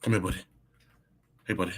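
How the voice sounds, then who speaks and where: A young man chatting on a live stream while he plays a video game. He is excitable and talkative, reacting to the game under his breath between stories. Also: sits low, quick pace, breathy edge. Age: young adult. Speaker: guest college football player. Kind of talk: casual live-stream chat while gaming.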